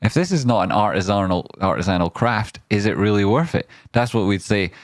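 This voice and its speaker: A man hosting a live trading stream, riffing playfully in rambling chat and often jumping into a high silly voice. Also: lively intonation, a little fast, no room sound. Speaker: trading livestream host.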